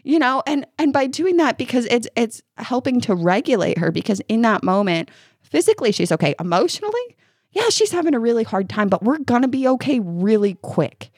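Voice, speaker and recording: A woman co-hosting a casual parenting podcast, telling animated stories and acting out how she soothes her child. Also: a little high, brisk, husky, no echo, studio quality. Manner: animated storyteller, acts out soothing lines, laughs often. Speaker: podcast co-host.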